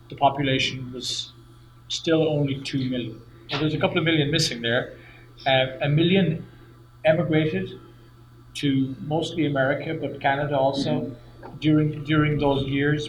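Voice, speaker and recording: A middle-aged Irish man, a guest singer and professor, explaining thoughtfully in a casual interview with some restarts. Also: on the high side. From Ireland. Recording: echoey room with faint noise.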